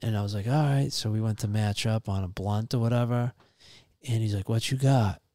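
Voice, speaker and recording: A man, telling a wild anecdote in an animated, profane, casual chat. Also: lowish voice, a little fast, dry recording, clean studio sound.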